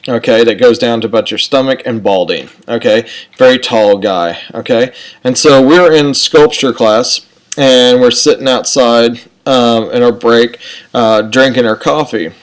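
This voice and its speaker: A man's voice: medium pitch, measured pace. A man telling a personal story in a loose, rambling, chatty way, full of "okay" and "and so". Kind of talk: casual spoken anecdote.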